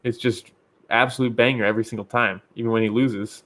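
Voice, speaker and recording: A man's voice: medium pitch, fairly even intonation, fairly quick, fairly bright tone. A man co-hosting a casual podcast about fights, loose and profane, laughing often. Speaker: podcast co-host.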